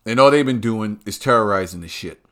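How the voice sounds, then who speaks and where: A man's voice: lowish voice, lively intonation, brisk, fairly bright tone. Angry, profane man ranting. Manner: heated, profane and repetitive. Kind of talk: ranting monologue.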